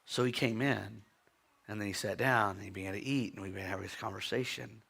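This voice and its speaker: A man's voice: fairly low pitch, fast, gravelly, fairly bright tone, slightly rough. A man preaching a sermon in a church, telling a personal story in an earnest, heartfelt way. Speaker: pastor. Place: church sanctuary.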